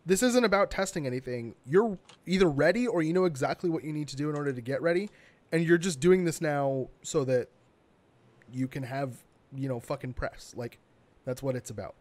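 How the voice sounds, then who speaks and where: Young male podcast co-host, slightly high pitch, sarcastic and profane, loose casual delivery. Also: fairly quick. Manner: blunt and sarcastic, swears freely. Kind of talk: casual gaming news chat.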